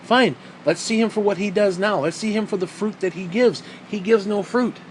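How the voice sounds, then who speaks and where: A man's voice: high-pitched, normal speed, a little hiss or hum, poor audio. A man giving a heated, profane commentary rant on video, blunt and repeating his points for emphasis. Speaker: vlogger.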